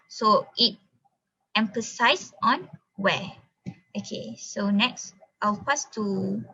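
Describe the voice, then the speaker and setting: A woman's voice: medium pitch, pushed and bright, breathy edge, dull audio. A young woman student explaining her part of a class presentation step by step over a video call, with many fillers. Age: young adult.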